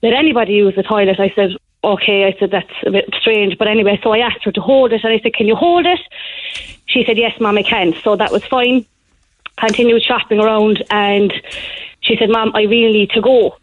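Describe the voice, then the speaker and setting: A young woman calling in to a radio show, telling a story in an animated, breathless rush. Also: mid-range voice, brisk, dry recording. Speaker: caller. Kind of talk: phone-in call to a radio show. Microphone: phone. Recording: tinny phone line.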